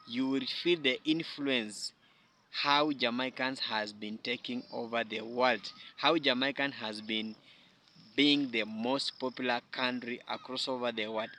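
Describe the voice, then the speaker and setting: A man hosts a commentary segment in a bright, forceful voice, speaking with enthusiasm and loose, repetitive phrasing. His pitch stays in a middle range, and faint crickets sound in the background. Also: slight background noise. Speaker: commentary channel host. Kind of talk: casual commentary.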